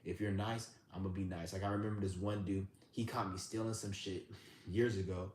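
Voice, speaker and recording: A man hosting a live stream who rants and tells stories in a blunt, profane, animated way. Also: deep voice, brisk. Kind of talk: ranting storytelling. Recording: roomy with faint background hum.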